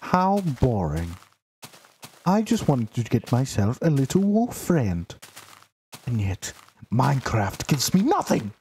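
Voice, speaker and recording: A young man streaming a game from home, rambling in a playful, unhurried way. His voice is dark and mellow. A faint hiss sits under the recording. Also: medium pitch, huge pitch swings. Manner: rambling, playful, talks to game characters in mock outrage. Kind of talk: casual live game stream. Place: home room, sitting in a noisy chair.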